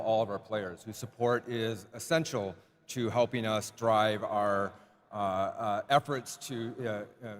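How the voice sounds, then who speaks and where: Halting male executive, lowish voice, echoey hall. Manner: halting, fills pauses with uh. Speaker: games company executive. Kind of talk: prepared acceptance speech. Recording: echoey broadcast stage.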